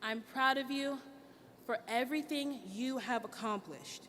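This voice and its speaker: A woman's voice: high voice, measured pace, fairly bright tone. A young woman student giving a heartfelt graduation speech to her class. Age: young adult. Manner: earnest, heartfelt, emotional. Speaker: student speaker. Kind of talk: commencement speech. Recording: distant mic, long hall reverb, faint noise.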